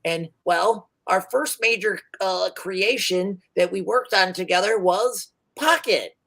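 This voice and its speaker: A woman voicing a nervous, excitable male gnome inventor who stammers and rambles through his words in a tabletop game. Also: mid-range voice, takes it slowly, vocal fry, voice pushed up, exaggerated voice. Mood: eager stammering.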